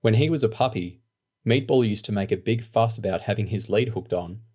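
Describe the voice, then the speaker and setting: Male narrator, lowish voice, steady audiobook reading. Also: brisk. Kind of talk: scripted narration.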